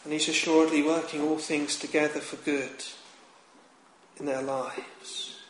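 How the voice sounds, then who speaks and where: Slow, high-pitched male preacher. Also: flat delivery. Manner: slow, measured, solemn delivery with emphatic rises. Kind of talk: sermon. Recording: echoey room with faint ambient noise.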